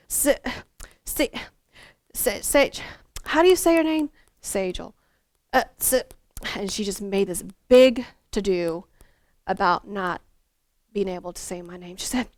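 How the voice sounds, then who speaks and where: A woman's voice: mid-range voice, no room sound. A woman, a former school counselor, leading a teacher workshop in a conversational, storytelling way with fillers and restarts.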